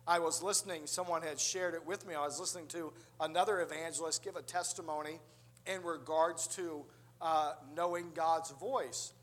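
A man's voice: fairly high pitch, steady tone, moderate pace, fairly bright tone. A man preaching a sermon, telling a story and acting out the voices of the people in it.

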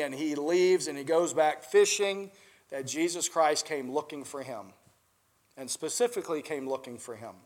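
A man's voice: a little high, animated, moderate pace, fairly bright tone. A man preaching a sermon as pastor, earnest and building to emphatic peaks.

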